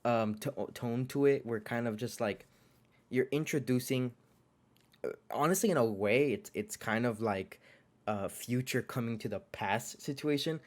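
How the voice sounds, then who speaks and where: A man's voice: medium pitch, measured pace. A young man giving a casual, chatty video review, full of fillers, restarts and jokey asides. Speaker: anime reviewer.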